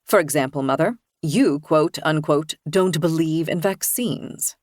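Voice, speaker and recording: A woman reading the lines of a cold, dismissive young husband, pitched a little lower. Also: unhurried, darkish tone, no echo, studio quality. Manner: hostile, dismissive.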